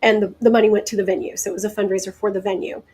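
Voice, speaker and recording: A woman from the American Deep South, a guest hypnotist telling stories in a casual interview, chatty and quick to laugh. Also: breathy edge, poor audio. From Deep South, United States. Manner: chatty, laughs often, lively asides.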